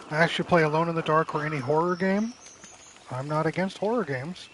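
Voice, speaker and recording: A man's voice: fairly high pitch, brisk, a bit bright, slight background noise. A man streaming a game, chatting bluntly and casually between dialogue, with game nature sounds behind him.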